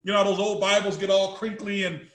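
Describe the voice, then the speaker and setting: A man founding a company gives an emphatic motivational speech to a live audience, repeating himself for effect and bursting into shouts. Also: high voice, level tone, fast talker, echoey room. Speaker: company founder speaking to his team.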